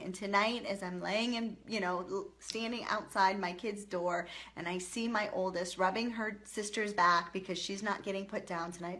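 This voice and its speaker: A woman's voice: mid-range voice, fairly bright tone. A woman in her thirties, a parenting vlogger chatting casually and encouragingly to viewers on a live stream. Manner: chatty, encouraging, reads viewer comments aloud.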